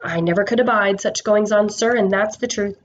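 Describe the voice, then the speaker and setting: A woman's voice: medium pitch, brisk, a little hiss or hum, lightly acted. A woman voicing a humble, plain-spoken cab driver who talks hesitantly and deferentially.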